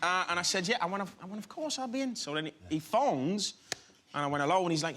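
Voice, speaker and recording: A man with a Scouse accent, a chat show guest, telling an animated anecdote. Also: high-pitched, quick pace. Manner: chatty storyteller, animated retellings. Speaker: talk show guest, actor. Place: TV studio with audience.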